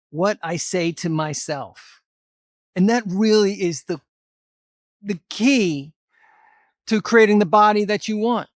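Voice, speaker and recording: Talking directly to the viewer, a middle-aged man pitches fitness tips in a motivational video. His rather high voice is blunt and emphatic, sprinkled with mild swearing, in a dry room without echo.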